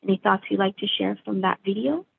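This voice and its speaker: A woman's voice: mid-range voice, fast talker, creaky, husky. A woman hosting an online community discussion, reading out facts and inviting the guests to share. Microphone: video call. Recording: tinny call audio.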